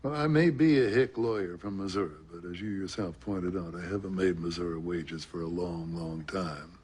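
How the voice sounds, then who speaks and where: An actor playing a measured, dryly witty lawyer advising a president. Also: male voice, deep voice, a little mellow, slightly rough. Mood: wry.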